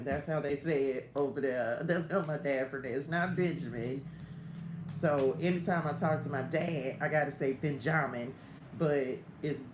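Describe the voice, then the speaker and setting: A woman's voice: very deep voice, darkish tone, slight background noise. A middle-aged woman hosting a casual morning spiritual livestream, talking in a chatty way, laughing often and drifting into side stories over a phone stream. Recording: roomy room with faint ambience.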